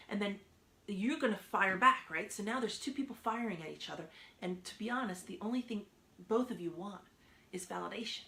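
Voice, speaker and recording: Woman advice host, earnest and repetitive, gravelly voice, roomy echo, faint background hiss; casual live-stream talk. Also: medium pitch, animated, fairly quick. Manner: earnest, repetitive, drops to soft near-whispers for emphasis. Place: indoors by a window.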